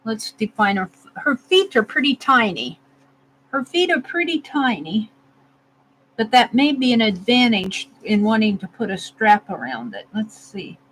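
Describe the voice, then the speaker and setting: A woman's voice: on the high side, very animated, unhurried, fairly bright tone, a little hiss or hum, low-quality recording. A woman narrating casually as she carves a stamp, thinking aloud and laughing at herself. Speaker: art vlogger. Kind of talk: casual narration while crafting.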